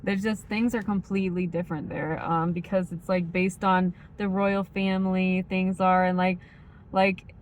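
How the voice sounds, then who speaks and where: A woman with a faint Midwestern accent chatting casually as a vlogger, rambling and filling every pause with "like" and "um". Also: on the low side, flat delivery. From United States. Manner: rambling, heavy use of like and um. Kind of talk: casual chat.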